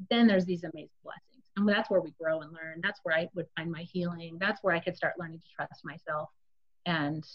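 A woman's voice: on the low side, highs cut off. A woman sharing a personal testimony in a casual, confessional storytelling way, speaking directly to her listeners.

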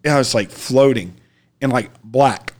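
A man in casual conversation, telling a long story with animated shouts and acted-out voices of the people in it. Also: medium pitch, normal speed. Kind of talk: casual podcast chat.

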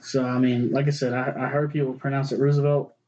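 Rambling, cussing man with a mellow voice. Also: medium pitch, little pitch movement, quick pace, lo-fi sound. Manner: rambling, profane, restarts often. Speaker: podcast co-host. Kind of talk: casual chat about fights.

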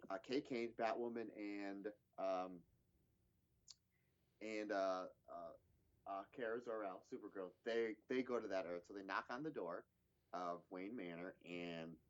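A man's voice: lowish voice, a little slow, dull audio. A man in casual chat, recapping a TV episode in a rambling way with lots of fillers and restarts.

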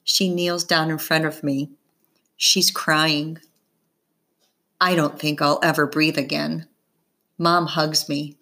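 A woman reading a novel aloud in first person, giving gentle voices to the characters. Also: sits low, level tone, slow, long pauses. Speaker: audiobook reader. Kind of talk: first-person audiobook narration.

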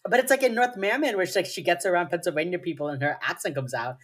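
A woman's voice: lowish voice, fast talker, breathy edge. A woman co-hosting a podcast, chatting casually as she recaps a TV episode, playful, swearing freely and filling her talk with "like". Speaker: podcast co-host.

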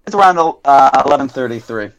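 A young man narrating a tabletop game as game master, halting with many ums and self-corrections. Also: medium pitch, lively intonation, creaky, poor audio.

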